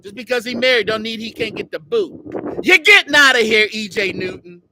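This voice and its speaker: A man hosting a casual livestream outdoors, mocking and teasing someone in an animated way. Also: high-pitched, a little fast, noisy background. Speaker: host.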